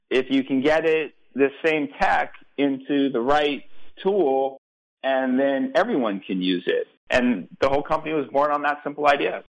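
A man's voice: medium pitch, a bit bright, poor audio. A man, a startup founder, answering interview questions earnestly and enthusiastically, often repeating words as he starts a thought.

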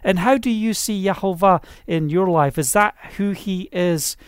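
A man's voice: high-pitched, normal speed, clear, resonant tone, dry recording, clean studio sound. A man preaching an informal online sermon, rambling and conversational, with many fillers and restarts.

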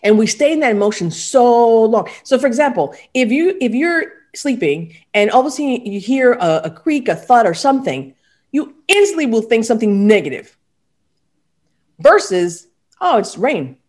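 A woman motivational speaker, a guest on a podcast, with a fairly high voice. Her pitch swings widely as she acts out little imagined conversations. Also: moderate pace. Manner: animated, acts out little dialogues.

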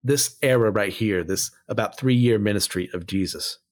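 A man's voice: on the low side, normal speed. A man giving casual Bible commentary, blunt and opinionated, who drifts off on tangents and pulls himself back. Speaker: Bible study teacher.

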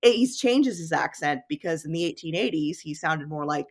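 A woman's voice: deep voice, expressive, moderate pace. A woman co-hosting a podcast, explaining at length in casual chat with many fillers. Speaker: podcast co-host.

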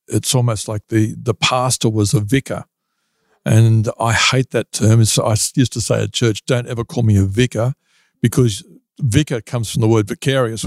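A middle-aged man speaking earnestly about faith as a podcast guest, often pausing and restarting his sentences. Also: fairly low pitch, a little mellow, no room sound, studio quality. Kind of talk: reflective podcast interview.

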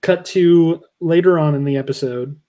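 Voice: medium pitch, moderate pace, mellow. A podcast co-host in casual chat, retelling a TV episode and acting out the characters' lines.

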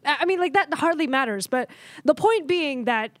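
High-voiced woman telling a story. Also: moderate pace, no room sound. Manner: animated storyteller, acts out her younger self with laughs. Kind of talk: casual chat.

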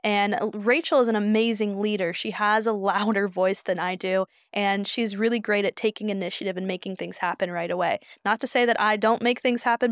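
A soft-spoken woman co-hosts a podcast in a calm, reflective way. Her voice is smooth and clear, sitting at an ordinary pitch, and it sounds dry and close, with no room around it. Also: no room sound. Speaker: podcast co-host. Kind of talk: casual chat.

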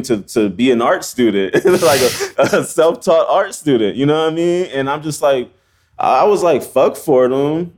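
A man, a photographer as podcast guest, telling a story in a loose, slangy, animated way with many fillers. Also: on the low side. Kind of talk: casual storytelling interview.

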